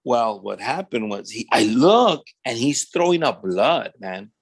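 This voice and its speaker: A man's voice: medium pitch, a little slow, husky. A man, a pastor, recounts his own life story for a podcast interview. He talks in loose, slangy everyday speech and jumps into the voices of the people he quotes, acting out their lines as he goes. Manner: animated storyteller who acts out quoted dialogue; casual street slang, often says "man".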